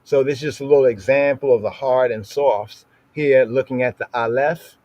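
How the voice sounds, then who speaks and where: A man teaching Hebrew scripture in a livestream. He repeats words again and again, asks "right?" after nearly every phrase, and drags out Hebrew words slowly to show how they are said. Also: medium pitch, darkish tone, no room sound, dull audio.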